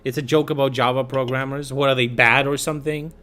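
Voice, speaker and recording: A man's voice: medium pitch, steady tone, fast, pushed and bright, soft background music. A young man streaming, telling a story in casual chat with a profane, exasperated, ranting manner.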